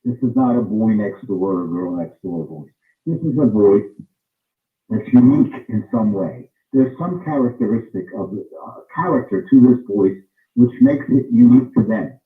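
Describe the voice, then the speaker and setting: A man's voice: lowish voice, normal speed, recorded from a distance. A man in an interview, explaining what he looks for in singers in an emphatic way, repeating his points for stress. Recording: tinny phone-like sound, roomy, off-mic.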